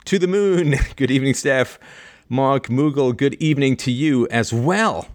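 A man hosting a livestream, chatting playfully, joking and laughing as he reads out viewer greetings. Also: measured pace. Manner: animated, jumps between high and low pitch. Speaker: host.

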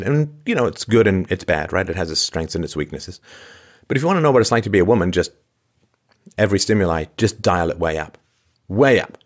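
A man with a low, deep voice rants through a commentary monologue, firing off incredulous rhetorical questions. His delivery is sarcastic and punctuated by weary sighs. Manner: sighs often. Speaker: podcast host.

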